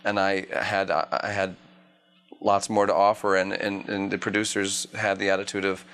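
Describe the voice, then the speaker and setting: A man's voice: on the low side, steady tone, moderate pace, fairly bright tone. A man in his thirties, an actor answering interview questions in a wry, rambling way, often restarting his sentences. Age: 30s. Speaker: actor interviewed at a press junket.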